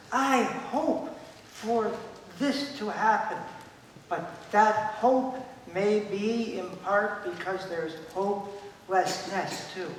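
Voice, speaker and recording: A man's voice: high-pitched, a little hiss or hum. A man giving an emphatic talk at a conference, repeating his key points and acting out the voices of people he quotes. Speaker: conference speaker. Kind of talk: lecture at a conference. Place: conference hall. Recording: echoey hall, voice picked up from a distance.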